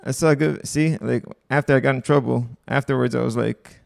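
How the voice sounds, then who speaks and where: Gravelly young man streaming casually. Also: medium pitch, fairly even intonation, fairly quick, no room sound, clean studio sound. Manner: blunt, profane, offhand asides. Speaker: livestream host reading posts. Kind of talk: casual livestream commentary.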